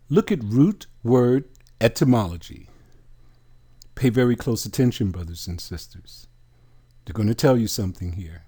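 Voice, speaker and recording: A man preaching a sermon, reading scripture aloud and putting pointed questions to his listeners in a slow, emphatic teaching manner. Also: mid-range voice, mellow.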